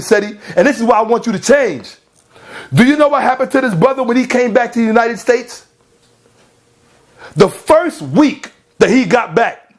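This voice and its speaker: A man delivering a heated, confrontational rant at a rival, scolding him and repeating pointed questions in slang-heavy street talk. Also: extremely high pitch. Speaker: online commentator.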